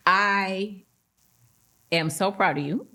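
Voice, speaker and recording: A middle-aged woman hosting a podcast in casual chat, an animated storyteller who acts out the voices she quotes. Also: medium pitch, slow. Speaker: podcast host.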